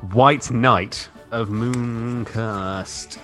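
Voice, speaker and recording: A man's voice: medium pitch, steady tone, very slow, a bit bright, soft background music. A man hosting a comic podcast, reading a book aloud and bantering in a dry, mock-serious way.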